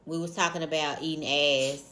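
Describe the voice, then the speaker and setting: A woman with a low voice trading quick remarks in a casual podcast chat. She talks fast and teases bluntly. Her tone is loose and unbothered. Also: steady tone, pushed and bright. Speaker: podcast co-host.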